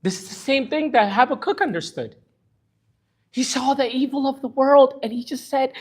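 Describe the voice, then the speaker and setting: A man's voice: very high-pitched, normal speed, breathy edge. A middle-aged man teaching a church Bible study, speaking earnestly and emotionally about personal pain. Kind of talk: impassioned church lesson.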